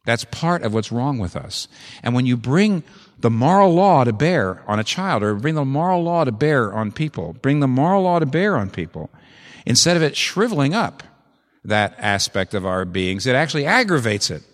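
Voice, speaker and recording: Animated, emphatic male preacher. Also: medium pitch, moderate pace, in a large hall. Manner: animated, emphatic, repeats phrases for effect. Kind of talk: sermon.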